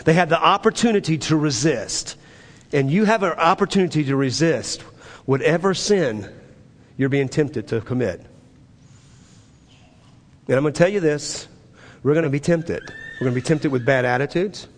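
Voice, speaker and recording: A man preaching with passion, his fairly high voice climbing and then sinking to a near hush. Each phrase rings out with the long reverb of a large hall. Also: normal speed, pauses often. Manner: impassioned preaching, rising loud then dropping low. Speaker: pastor. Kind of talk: sermon.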